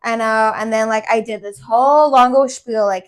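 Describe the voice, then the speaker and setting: A young woman with a fairly high voice tells a personal story on a casual podcast, candid and loose, filling her speech with "like" and dropping swear words. She talks easily, as if to a close friend. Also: fairly even intonation, moderate pace. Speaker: podcast co-host. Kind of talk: casual chat.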